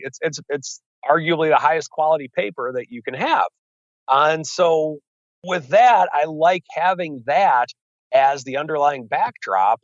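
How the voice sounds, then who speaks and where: A man, a wealth manager guest, explaining a trading strategy in a measured way with frequent hesitations, on a dull lo-fi line. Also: mid-range voice, fairly bright tone, no echo.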